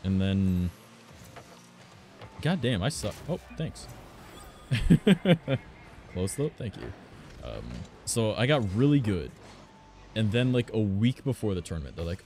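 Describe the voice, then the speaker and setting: A young man streams a car soccer game and chats casually with teammates and viewers, swearing freely and telling animated stories between plays. His voice sits on the low side, with a measured pace and long pauses, over slight background noise.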